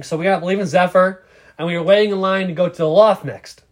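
A man's voice: high voice, steady tone, a little fast. A young man casually telling a rambling, profane story as a podcast co-host.

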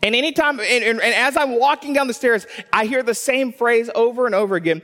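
A man from Texas preaching a sermon as pastor, animated and storytelling, acting out what people say. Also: very high voice, a little fast, hardly any pauses. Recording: long hall reverb.

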